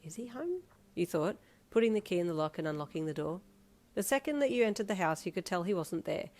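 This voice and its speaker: A woman narrating a fan fiction audio story in a steady, even read. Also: on the low side, fast talker. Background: faint instrumental music.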